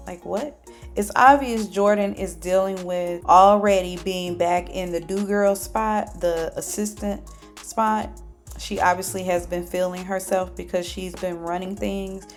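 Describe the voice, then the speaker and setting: A woman's voice: mid-range voice, steady tone, unhurried, soft background music. A woman reviewing a TV show in a chatty casual recap full of sassy asides.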